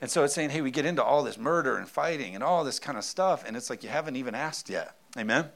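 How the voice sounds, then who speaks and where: A man's voice: mid-range voice, animated, fast talker, creaky, fairly bright tone. A man in his thirties, a pastor preaching a sermon with emphasis and often calling out for an amen.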